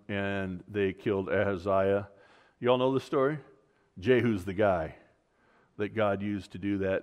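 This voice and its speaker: A man's voice: lowish voice, big-room sound. A man preaching an informal sermon, retelling a Bible story conversationally with many fillers and restarts.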